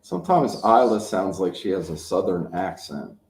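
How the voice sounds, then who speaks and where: A man's voice: sits low, very animated, moderate pace, a little mellow, slight background noise. A man in his fifties hosting his channel, chatting casually and telling rambling anecdotes. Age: 50s. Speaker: channel host. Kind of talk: casual chat. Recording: echoey room.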